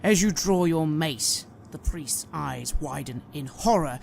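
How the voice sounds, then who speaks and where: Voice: medium pitch, expressive, moderate pace, gravelly, few pauses, slight background noise. A game master narrating a tabletop game in a descriptive, dramatic manner.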